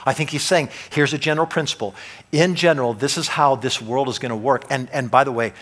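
A man's voice: mid-range voice, steady tone, quick pace, a bit bright. A man preaching a sermon as pastor in a church, talking conversationally and often checking in with the congregation.

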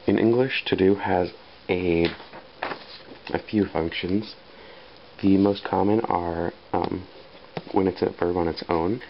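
A man with a very low, gravelly voice explains grammar slowly and patiently. The recording is dull and lo-fi, with a faint hiss behind him. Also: fairly even intonation. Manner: unhurried, with pauses and fillers. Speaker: English teacher.

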